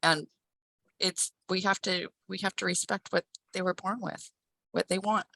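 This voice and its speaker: A woman's voice: lowish voice, fairly even intonation, normal speed, vocal fry, bright, forceful tone, no echo, rough recording. A woman and former teacher joining a discussion, speaking earnestly with restarts. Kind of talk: casual discussion.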